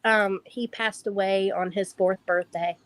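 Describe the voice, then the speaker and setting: A woman getting a reading, answering quietly in short replies. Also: medium pitch, steady tone, measured pace. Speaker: caller receiving a reading. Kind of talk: casual chat.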